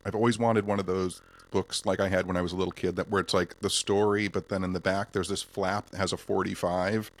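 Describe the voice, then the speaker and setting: Laid-back male guest from Michigan, lowish chest voice, rambling storyteller. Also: a little fast, hardly any pauses. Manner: relaxed, rambling, keeps his voice in his chest. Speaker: podcast guest. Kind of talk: casual interview chat.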